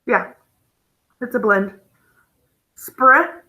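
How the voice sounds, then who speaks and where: A woman teaching a phonics lesson, explaining patiently with gentle enthusiasm. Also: fairly high pitch, drawn-out words, rough recording.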